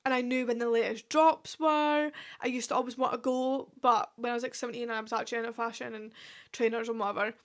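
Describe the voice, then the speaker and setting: A woman's voice: on the high side, steady tone, fast talker. A young woman in her twenties with a Scottish accent, hosting a casual solo podcast in a chatty, rambling way full of fillers and asides. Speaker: podcast host.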